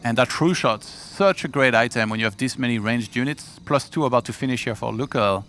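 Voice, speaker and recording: A man doing live commentary on a strategy game match, getting excited on big plays. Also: mid-range voice, fairly quick, soft background music. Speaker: esports commentator. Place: event studio.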